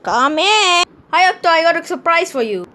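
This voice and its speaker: A woman's voice: very high-pitched, expressive, normal speed, pushed and bright, a little hiss or hum, exaggerated voice. A woman voicing a cheerful parent in a plush puppet movie, speaking in a plain, friendly way.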